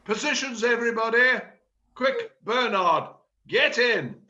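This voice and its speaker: A man's voice: extremely high pitch, lively intonation, unhurried, sharp tone, dull audio, full character voice. A man reading the part of a fussy, exasperated male panto director in an amateur play reading over a video call. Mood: frantic. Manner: pompous, theatrical outbursts.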